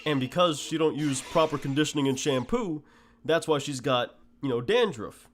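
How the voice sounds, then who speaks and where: A man putting on the voice of a condescending schoolteacher, explaining slowly in a lowered tone. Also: natural voice. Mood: patronizing.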